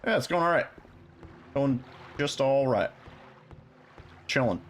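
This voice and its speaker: A man's voice: medium pitch, expressive, slow, a little hiss or hum. A young man streaming a game speedrun, chatting casually and loosely with viewers, rambling and swearing now and then.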